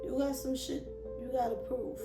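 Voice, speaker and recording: Woman, thirties, high-ish voice, animated storytelling, echoey room, clear music behind. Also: normal speed. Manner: animated, acts out her own past thoughts with swearing. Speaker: vlogger and self-published author. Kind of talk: casual storytelling to camera.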